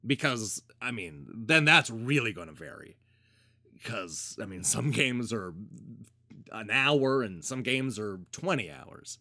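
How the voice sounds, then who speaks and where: A man's voice: on the low side, animated, pushed and bright, dry recording, studio quality. A man co-hosting a casual game review chat, reading viewer comments and laughing often. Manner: slow, deliberate delivery with frequent laughter.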